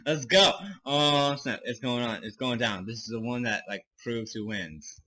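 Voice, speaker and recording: A man's voice: medium pitch, a little slow, bright, forceful tone, rough recording. A young man doing let's play commentary, panicky and swearing a lot, with frequent nervous laughter. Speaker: gaming commentator.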